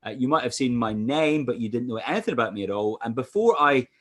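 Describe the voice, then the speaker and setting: A Scottish man preaching as a pastor over a video call, animated, with frequent "uh" fillers. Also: mid-range voice, quick pace. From Scotland. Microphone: computer mic on a video call.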